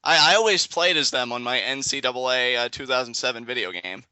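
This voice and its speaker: A young man chatting excitedly as a guest in a live reaction video, laughing often and rambling through restarts. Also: medium pitch, brisk, clear, resonant tone, dry recording. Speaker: guest co-commentator. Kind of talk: casual live reaction chat.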